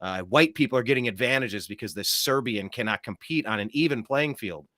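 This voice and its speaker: A man hosting a political talk show, talking in an animated, sarcastic, rambling way with many restarts. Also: mid-range voice, fairly quick, no room sound, clean studio sound. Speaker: show host.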